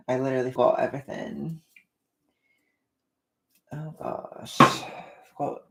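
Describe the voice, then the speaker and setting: A woman's voice: very deep voice, fairly even intonation, unhurried, pauses often, fairly bright tone, echoey room, a little hiss or hum, poor audio. A woman casually chatting on a livestream while cooking at home, rambling and self-deprecating. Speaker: livestreaming vlogger. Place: home kitchen.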